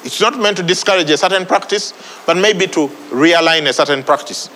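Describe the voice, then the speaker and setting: A man's voice: a little high, fairly quick, sharp tone, in a large hall, slight background noise, low-quality recording. A man preaching a sermon, repeating phrases for emphasis. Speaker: pastor.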